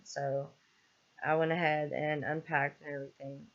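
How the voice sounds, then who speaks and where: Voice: medium pitch, flat delivery, moderate pace. Exasperated vlogger ranting, dull lo-fi audio. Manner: angry, exasperated rant with frequent swearing. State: weary and fed up. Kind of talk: casual venting monologue. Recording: dull lo-fi recording.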